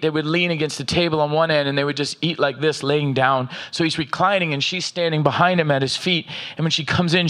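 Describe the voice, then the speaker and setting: Man preaching with slow scripture reading. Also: fairly high pitch, a bit bright. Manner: asks the audience "are you with me", reads scripture aloud with slow emphasis. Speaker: pastor. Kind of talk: sermon.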